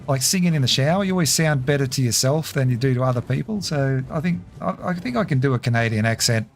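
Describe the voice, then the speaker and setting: A man's voice: mid-range voice, animated, fast, gravelly, slight background noise. A man casually commentating a game live, chatty and laughing easily while reading his chat. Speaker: game streamer.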